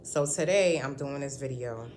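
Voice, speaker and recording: A woman's voice: a bass voice, normal speed, a little mellow, slight background noise. A woman at home talking to her channel in a casual vlog, rambling and candid with lots of ums and restarts. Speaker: vlogger. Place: at home indoors.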